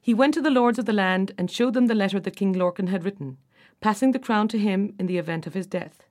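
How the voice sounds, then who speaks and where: A woman's voice: mid-range voice, fast, a little mellow. A woman reading a folktale aloud, narrating expressively and lifting her voice for the characters' lines. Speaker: storyteller.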